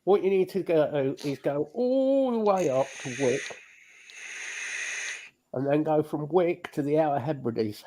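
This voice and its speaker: A man's voice: fairly high pitch, animated, unhurried, dark tone, slight background noise. A man chatting casually on a live stream, blunt and sweary. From London. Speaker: podcast co-host.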